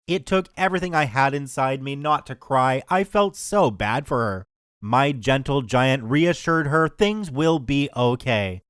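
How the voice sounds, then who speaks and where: A man's voice: medium pitch, lively intonation, measured pace, clean tone, no room sound, studio quality. A man reading a story aloud as a scripted narration.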